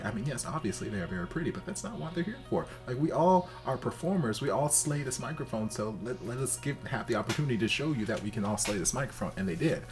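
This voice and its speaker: A man hosting a reaction video in casual, campy commentary, leaping into high exaggerated exclamations. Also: animated, fast talker, few pauses, soft background music.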